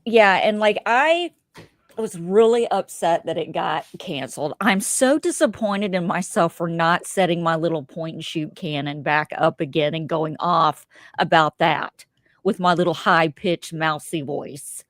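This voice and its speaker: A woman co-hosting a podcast, reacting to an old video in animated, laughing chat with plenty of swearing. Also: on the low side, measured pace, no room sound. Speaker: podcast co-host.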